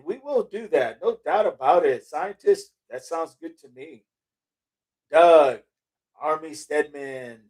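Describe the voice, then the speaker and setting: A middle-aged man chats loosely on a livestream, reading viewer comments and drifting from one thought to another. His voice sits a little high for a man, and he often breaks into a chuckle or a casual curse as he loses his train of thought. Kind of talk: casual chat.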